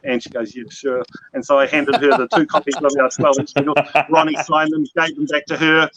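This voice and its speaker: A man's voice: on the high side, flat delivery, quick pace, crowd noise. A man with a New Zealand accent, hosting a casual chat and telling long, rambling stories with many restarts. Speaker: host. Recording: dull lo-fi audio, faint noise.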